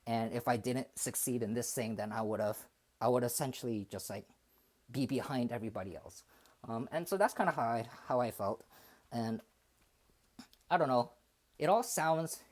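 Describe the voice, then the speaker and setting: A man's voice: mid-range voice, normal speed, long pauses. A man in his twenties chatting on a livestream, thinking aloud in a hesitant, reflective way with many fillers and restarts. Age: 20s. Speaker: streamer. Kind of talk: casual livestream chat.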